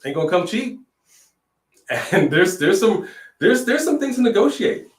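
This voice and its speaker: A man co-hosting a casual wrestling chat, animated, riffing and joking. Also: high voice, moderate pace, recorded from a distance. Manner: animated, sings jokingly, reads in a newscaster voice. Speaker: podcast co-host. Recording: echoey room, off-mic.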